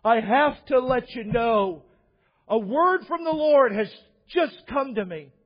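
A man voicing a flashy male TV preacher who fake-weeps and pleads dramatically in halting, drawn-out bursts. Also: extremely high pitch, lively intonation, breathy edge, voice pushed up, exaggerated voice. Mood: dramatic pleading. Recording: dull echoey hall recording.

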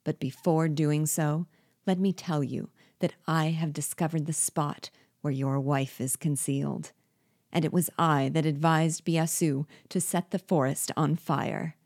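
A bitter, scheming male dwarf and one-time jester gloats over his captive in a low, dry voice, as a woman reads him aloud from a storybook. He speaks slowly and deliberately, savoring each threat. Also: steady tone, a little mellow, no echo. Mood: gloating.

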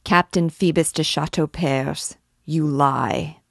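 A woman's voice: low voice, fairly even intonation, slow, gravelly, a bit bright, no echo, clean studio sound, full character voice. A woman voicing a sinister cloaked man with a sepulchral, cold and bitter manner.

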